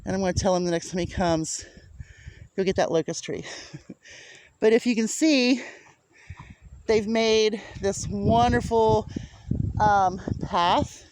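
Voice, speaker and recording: A woman's voice: takes it slowly, long pauses, a little mellow. A woman vlogging casually as she walks around her small farm outdoors, chatting to the camera and cooing at her animals in a sing-song voice. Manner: chatty, rises to high sing-song baby talk with animals. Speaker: homestead vlogger. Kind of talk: casual walking farm vlog.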